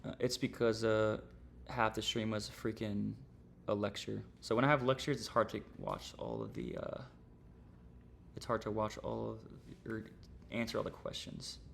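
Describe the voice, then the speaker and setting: A young man with a gravelly, fry-heavy voice talks through a trading lesson on his stream. He is casual and rambling, full of slang and fillers. A faint hiss of noise sits under the recording. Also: lowish voice, expressive, moderate pace, fairly bright tone.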